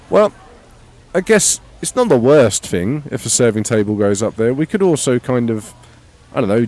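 A man's voice: on the low side, a little mellow. A man hosting a casual let's-play, rambling, joking and swearing freely as he plays. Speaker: gaming channel host.

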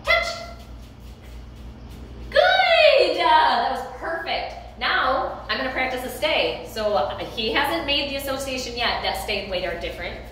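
A woman dog trainer talks through her method in a fairly high voice, sweeping up higher still when praising the dog. Her voice rings around a very echoey room. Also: normal speed, few pauses, a little hiss or hum. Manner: switches between calm explanation and high praise for the dog. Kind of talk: explaining while training a dog.

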